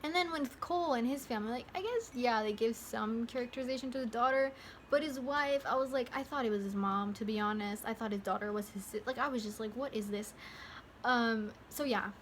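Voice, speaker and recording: A woman's voice: fairly high pitch, fairly quick, slight background noise. A young woman talking casually to camera in a movie review vlog, rambling and interrupting herself with lots of fillers. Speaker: vlogger.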